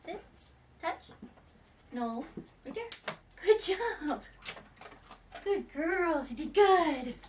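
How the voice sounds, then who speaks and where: A woman's voice: very high-pitched, lively intonation, drawn-out words, pauses often, a little hiss or hum. A young woman vlogging as she trains her dog, chatting and praising the dog in a bubbly, coaxing voice. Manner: bubbly baby-talk praise to dogs. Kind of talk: casual dog training vlog.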